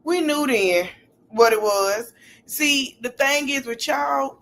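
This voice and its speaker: A woman hosting a casual podcast stream, talking in an animated, slangy way and repeating her phrases. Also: sits high, takes it slowly, creaky. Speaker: podcast host.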